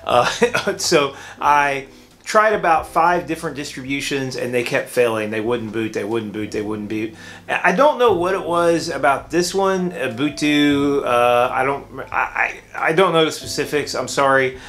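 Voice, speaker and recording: A man's voice: a little high, animated, unhurried, a bit bright. A man, a vlogger and art teacher, telling a frustrated story in a casual, rambling monologue with many restarts, recorded indoors under a beauty light.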